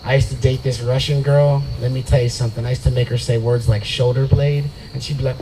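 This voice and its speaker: A man's voice: mid-range voice, little pitch movement, fast talker, hardly any pauses, background noise. A young man doing a brash, profane stand-up set at an open mic night in a brewery and riffing with the crowd. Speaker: stand-up comedian.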